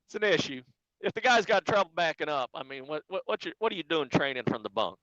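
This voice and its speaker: A man who drives a flatbed truck, chatting casually as a guest on a live stream and telling animated stories about life on the road. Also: fairly high pitch, quick pace, no room sound, muffled recording. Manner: animated storyteller, quotes people in voices.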